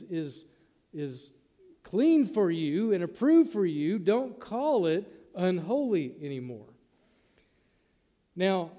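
A man with a high yet mellow voice preaches a sermon to his congregation in a church sanctuary. He keeps it conversational and acts out the lines he quotes. The hall gives his voice a long reverb. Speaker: pastor.

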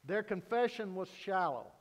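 Pastor, male, high voice, unhurried delivery, earnest sermon in a reverberant sanctuary. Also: lively intonation. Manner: earnest preaching, rising to loud emphasis then dropping low. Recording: long hall reverb.

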